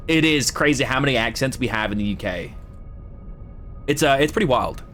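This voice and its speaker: A man's voice: mid-range voice, lively intonation, a little fast, fairly bright tone, soft background music. A man from Southwest England with an English accent that has American influences. He gives casual, chatty live gameplay commentary and swears freely. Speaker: streamer.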